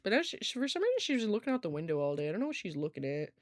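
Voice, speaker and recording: A woman streams from home and chats casually with her viewers. She rambles and fills her talk with "like", and she laughs often. Her pitch jumps around a lot, and the sound is dry and close. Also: sing-song, very fast, no room sound. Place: home room with her cat.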